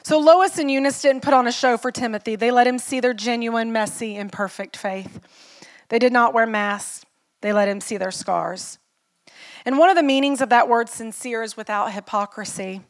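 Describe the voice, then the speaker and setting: A woman's voice: fairly high pitch, moderate pace. A middle-aged woman pastor preaching a sermon in an earnest, personal way, telling stories and asking the listeners questions.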